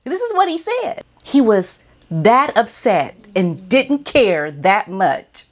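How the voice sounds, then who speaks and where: A woman vlogger giving casual, animated commentary and talking straight to her viewers. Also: medium pitch, takes it slowly.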